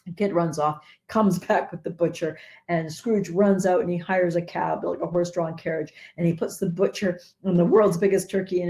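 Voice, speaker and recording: A woman gives a dharma talk, retelling a story with lively, earnest urgency. Her voice sits slightly low for a woman, and she keeps pressing her listeners with questions and repeated phrases. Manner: animated storytelling, earnest and urging. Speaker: Buddhist teacher.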